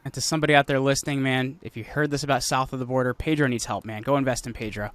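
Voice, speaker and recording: A man's voice: mid-range voice, fairly even intonation, rapid-fire, fairly bright tone, smooth, no echo. A man in his thirties hosting a podcast interview, casual and enthusiastic in his reactions. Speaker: podcast host.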